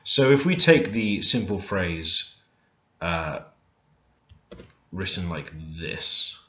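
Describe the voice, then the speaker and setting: A man teaching beginner vocabulary in a relaxed, thinking-aloud way, often stopping to correct himself. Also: sits low, very slow. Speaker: language learner teaching Korean. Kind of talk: screen-recorded language lesson. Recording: roomy, dull lo-fi screen recording.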